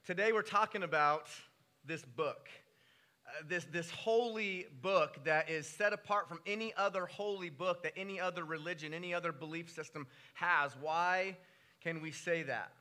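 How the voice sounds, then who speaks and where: A man in his thirties preaching a sermon, telling a story with animated, rising delivery. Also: moderate pace. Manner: animated storytelling, pitch jumping when excited. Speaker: pastor.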